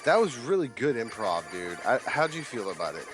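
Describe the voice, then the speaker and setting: A young man streaming a game, chatting casually and quoting people in a lively raised voice. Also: mid-range voice, fairly quick. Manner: animated storyteller, quotes others in raised voice. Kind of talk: casual chat while gaming live.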